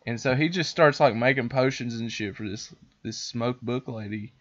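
A man's voice: medium pitch, normal speed, muffled recording. Rambling, profane male podcast host. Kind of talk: casual storytelling chat.

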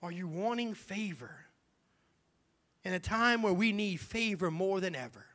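A man's voice: sits high, expressive, measured pace, a bit bright. A male pastor preaching a sermon in a church, emphatic and repeating his key phrases. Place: church sanctuary. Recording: long church hall reverb.

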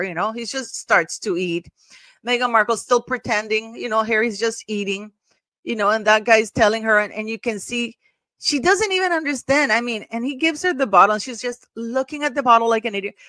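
A woman's voice: a little high, sharp tone, dry recording. A woman hosting a commentary channel, talking casually and emphatically over footage, gossipy and prone to repeating herself.

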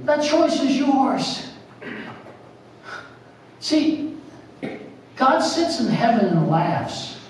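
A man preaches in a high, light voice, mixing jokes and laughter into his message. He stands a little off the mic, and his voice booms around a very echoey church hall. A faint hum sits underneath. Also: sing-song, very slow, long pauses, recorded from a distance. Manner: jokey storytelling preaching, laughs often. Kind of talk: sermon. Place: church sanctuary.

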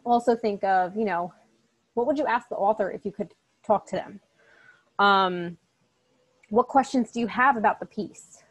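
A woman's voice: mid-range voice, normal speed, long pauses, slightly rough. A woman, a college English instructor, giving a recorded online lecture in a casual, chatty way, often checking in with "okay?" and speaking directly and encouragingly to her students.

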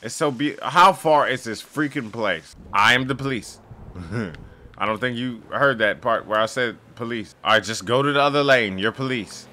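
A young man giving sarcastic, jokey commentary while playing a game, often yelling at it. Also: mid-range voice, normal speed. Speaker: gaming YouTuber. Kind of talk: casual gameplay commentary.

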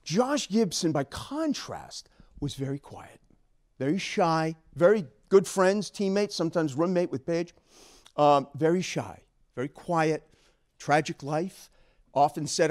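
Animated man telling stories at a book talk. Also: a little high, a little slow. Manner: animated, emphatic, chuckles at his own stories. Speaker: author giving a book talk. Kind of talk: storytelling lecture.

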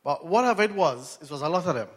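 A Trinidadian preacher delivering a sermon in a fairly high voice, telling a story and putting questions to his listeners. A long hall reverb trails his words. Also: animated, fast talker, fairly bright tone, slightly rough. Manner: storytelling, asks the audience questions.

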